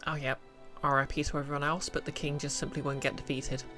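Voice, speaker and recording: A man's voice: on the high side, level tone, fast talker, pushed and bright, faint music behind. Wry man commenting on gameplay. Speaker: streamer. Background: game soundtrack.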